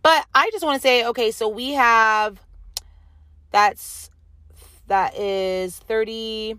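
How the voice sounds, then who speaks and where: A woman hosts her own podcast and tells stories in loose, casual chat. She talks to her listeners directly, full of "like" and little asides. Her voice is bright and forward, recorded close and dry, with no room sound around it. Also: fairly high pitch, takes it slowly, smooth, no room sound. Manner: animated, chatty, lots of "like" and asides to listeners. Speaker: podcast host.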